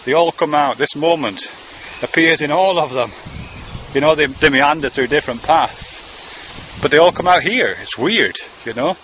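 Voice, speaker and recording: Bright-voiced man rambling to camera. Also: a little high, moderate pace, slight background noise. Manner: conversational, meandering, swearing casually. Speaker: father speaking to his son.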